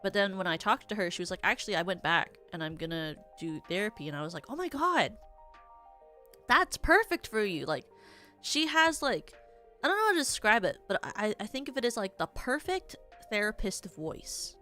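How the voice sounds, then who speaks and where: A woman's voice: medium pitch, big pitch swings, moderate pace, pushed and bright, faint music behind. A young adult woman streaming as a VTuber, chatting casually in a rambling, theatrical way with many filler words. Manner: self-described yappy, theatrical.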